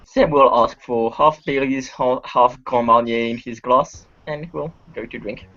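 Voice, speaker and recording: A man's voice: medium pitch, steady tone, unhurried, sharp tone, slight background noise. A man playing a tabletop game, hesitant and full of fillers as he describes his character's moves. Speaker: player. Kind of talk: casual tabletop game chat. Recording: muffled lo-fi recording.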